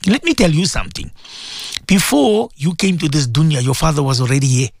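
Lively, emphatic radio preacher. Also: medium pitch, a little fast, vocal fry, no echo. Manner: emphatic, repeats phrases, rhetorical questions; mixes Arabic religious phrases into English. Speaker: radio show host.

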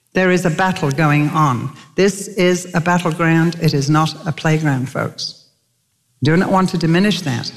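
A woman's voice: deep voice, long reverb tail. An older woman preaching a sermon, telling stories earnestly and with emphatic conviction.

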